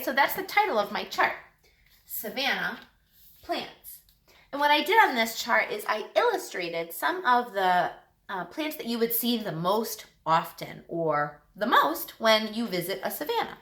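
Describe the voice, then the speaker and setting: A woman teacher giving a lesson to young children, talking in a lively, sing-song way. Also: fairly high pitch, echoey room.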